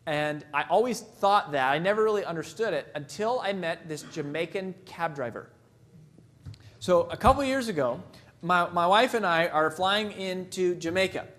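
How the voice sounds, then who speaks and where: A man delivers a motivational keynote in a loose, conversational way. His voice sits high for a man. He pokes fun at himself and often restarts his sentences. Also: expressive, moderate pace, fairly bright tone. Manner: conversational, self-deprecating, frequent restarts. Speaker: motivational speaker. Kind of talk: keynote talk with personal stories.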